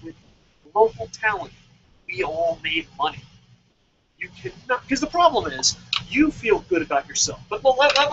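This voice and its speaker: A man with an unusually high, bright voice rants with heavy swearing. His pitch swings widely as he presses his points. A faint hiss of noise sits under him. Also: lo-fi sound. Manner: heated, profane, emphatic. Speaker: show host. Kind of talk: profane wrestling-commentary rant.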